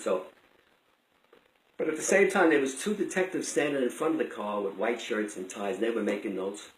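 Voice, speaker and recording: A man's voice: on the low side, a little fast, creaky. Older man telling a rambling story. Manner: rambling, conversational, with many restarts. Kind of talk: live personal storytelling. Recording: roomy echo.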